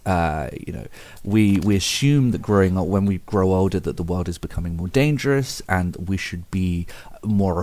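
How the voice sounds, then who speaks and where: A man with a very low voice talks casually about a book he loves. He rambles, restarts his sentences and chuckles at his own slips, like a relaxed video host. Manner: rambling, many fillers and restarts, self-amused. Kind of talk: casual spoken book commentary.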